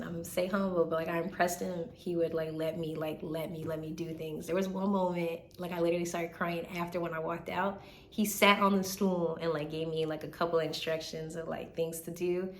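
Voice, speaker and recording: A woman in her twenties, a medical student vlogging in a casual, animated way, tired and still recovering from being sick, with lots of fillers and repeated words. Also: fairly low pitch, normal speed. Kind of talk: casual chat. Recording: echoey room, faint background hiss.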